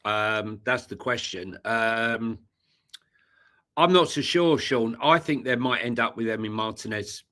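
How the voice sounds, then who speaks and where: A man's voice: mid-range voice, measured pace, bright, forceful tone. A man co-hosting a live football podcast, talking casually with lots of fillers and restarts. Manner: hesitant, many fillers and restarts. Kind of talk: casual live-stream chat.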